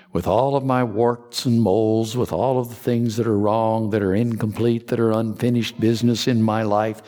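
A man from Kentucky preaching a sermon, telling a personal story in an earnest, confessional way with soft asides. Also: lowish voice, fairly even intonation, moderate pace, hardly any pauses, in a large hall. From Kentucky, USA.

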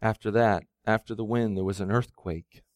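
A pastor preaching a sermon, moving from quiet, low retelling to loud, soaring exhortation. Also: male voice, steady tone, moderate pace, no echo, studio quality. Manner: swings from soft, low storytelling to loud, high-pitched preaching.

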